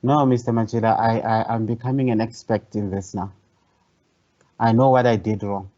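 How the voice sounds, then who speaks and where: A man's voice: on the low side, fairly even intonation, normal speed, mellow. A man, a professor giving an online workshop lecture in a conversational, hesitant way, repeating phrases. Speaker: professor leading a training workshop. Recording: dull, lo-fi online call audio.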